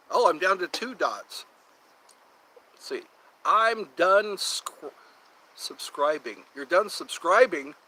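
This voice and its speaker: A man's voice: sits high, sharp tone, a little hiss or hum, rough recording. A man hosting a casual livestream outdoors, rambling and drifting into singing and silly voices. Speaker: livestream host. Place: outdoors then walking into house.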